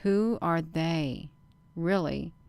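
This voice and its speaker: Very slowly and with vocal fry, a low-pitched woman hosting her channel chats her way through camera footage as live commentary. Her tone is smooth with no echo, and she's animated, calling out "you all" again and again and pressing viewers in insistent, emphatic bursts to look where she points.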